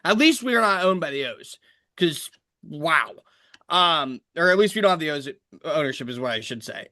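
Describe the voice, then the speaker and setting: An exasperated, sarcastic man co-hosting a fan sports podcast. His voice is bright and sharp and swings widely in pitch as he talks. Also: expressive, moderate pace. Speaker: podcast co-host. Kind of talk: casual sports chat.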